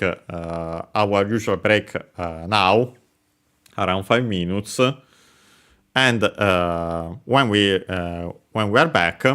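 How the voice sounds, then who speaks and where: Man, deep low voice, slow unhurried pace, casual livestream lesson, hesitant, lots of fillers. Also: a bit bright. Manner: hesitant, many fillers and self-corrections. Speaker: language teacher streaming.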